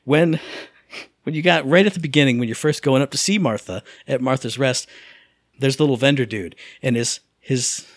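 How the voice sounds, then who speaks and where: A man's voice: mid-range voice, moderate pace, no echo, clean studio sound. A middle-aged man co-hosting a casual gaming podcast, rambling and self-amused, often restarting his sentences. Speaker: podcast co-host.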